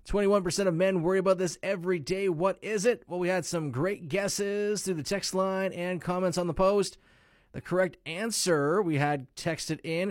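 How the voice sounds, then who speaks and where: A man's voice: fairly high pitch, dry recording. Playful male radio DJ, dry studio sound. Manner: jokey, playful, mock-dramatic. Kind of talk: upbeat radio show chatter. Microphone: studio mic.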